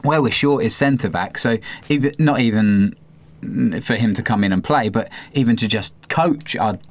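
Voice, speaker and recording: A man with a non-regional southern English accent hosts a relaxed podcast chat. His voice sits at an ordinary middle pitch. He thinks aloud as he talks and laughs easily with his co-host. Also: normal speed. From Cambridge, England.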